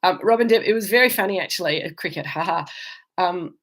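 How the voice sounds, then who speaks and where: Chatty Australian woman, slightly low voice. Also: fast talker. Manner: chatty, rambling, many ums and restarts. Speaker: winemaker hosting a virtual tasting. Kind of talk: casual chat answering viewer comments. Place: indoors, travelling.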